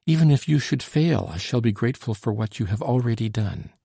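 A man's voice: medium pitch, lively intonation, fairly quick, creaky, dark tone, husky, no room sound, clean studio sound. A man voicing an anxious, devoted young woman in an audiobook, eager and pleading. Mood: grateful. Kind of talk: audiobook character reading.

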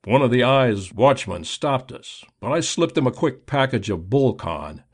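A suave gentleman crook, confident and persuasive, as a man reads him. The figure talks smoothly and with assurance in an even, ordinary-pitched voice, in a storybook reading. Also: measured pace. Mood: calm.

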